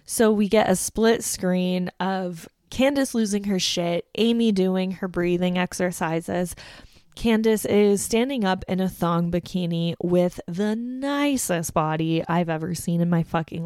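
A young woman hosting a podcast, recapping a reality show in casual, animated chat and acting out the cast's lines. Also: on the low side, unhurried, dry recording, clean studio sound. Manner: animated, acts out cast quotes with profanity.

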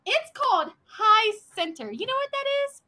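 Podcast co-host, woman; bright, high voice that swoops around, profane animated storyteller. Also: normal speed. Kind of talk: casual podcast chat.

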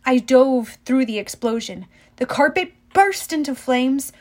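A woman reads an adventure novel aloud in the first person with lively, dramatic storytelling. Her voice sits a little high for a woman. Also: unhurried. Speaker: audiobook reader.

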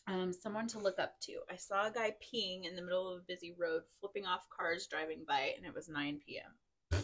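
A woman's voice: lowish voice, fairly even intonation, brisk, a bit bright. A woman hosting a group chat, reading funny drunken stories aloud to her friends, a little tipsy and giggly. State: tipsy, drinking wine. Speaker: podcast host.

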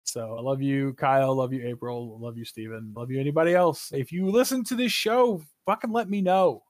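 A man's voice: mid-range voice, a little fast, a little mellow, dry recording. A man hosting a casual gaming podcast, rambling and joking and swearing freely. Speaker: podcast host.

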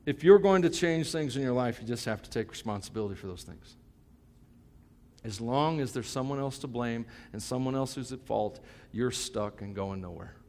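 Joking pastor preaching in an echoing hall. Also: male voice, medium pitch, expressive, moderate pace, a little mellow. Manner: conversational, joking, emphatic preaching. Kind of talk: sermon. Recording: long hall reverb.

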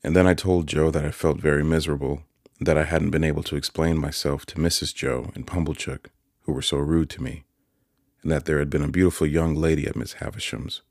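A man narrating a classic novel as an audiobook, measured and steady. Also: extremely low pitch, dry recording, studio quality.

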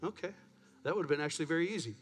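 Man pastor, sermon, slightly raised pitch, chatty with restarts, a little breathless, church. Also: animated, rapid-fire. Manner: chatty, self-deprecating asides with restarts. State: a bit out of breath. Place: church sanctuary.

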